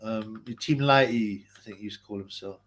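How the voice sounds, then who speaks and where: A man's voice: on the low side, moderate pace, a bit bright. A man hosting a live boxing chat stream, ranting in a mocking, abrasive, rambling way. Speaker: boxing livestream host.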